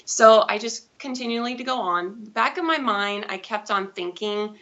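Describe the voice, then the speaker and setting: A woman's voice: mid-range voice, normal speed, fairly bright tone. A woman in her thirties, a guest telling her own story in a live interview, chatty and rambling with self-corrections. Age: 30s. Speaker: guest, diabetes advocate. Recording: dull lo-fi audio.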